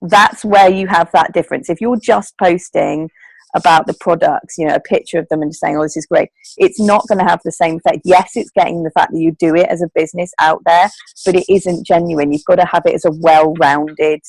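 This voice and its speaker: A woman's voice: on the low side, fairly even intonation, a little fast, a little mellow, slightly rough, dry recording, poor audio. A woman, leading her team on a group video call, talking in a chatty, earnest way with plenty of fillers. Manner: chatty, earnest, emotional, with many fillers and laughs. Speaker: network marketing team leader.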